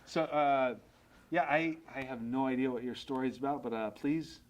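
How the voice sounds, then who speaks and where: A man's voice: mid-range voice, fairly even intonation. A man from Montana hosting a casual chat, throwing in joking asides. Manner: joking interjections, quick asides. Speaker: host.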